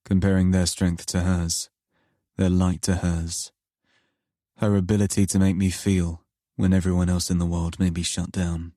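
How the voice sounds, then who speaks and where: A man narrating an audiobook in first person, in a slow, low, intimate and brooding manner. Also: level tone, warm tone, no room sound, clean studio sound.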